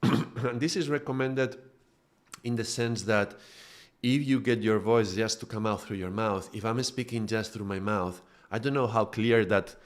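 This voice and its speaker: A man with a somewhat low voice leads a live-streamed teaching talk into a microphone. He speaks thoughtfully, pausing to search for words and laughing lightly at his own slips. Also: fairly even intonation. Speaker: spiritual teacher.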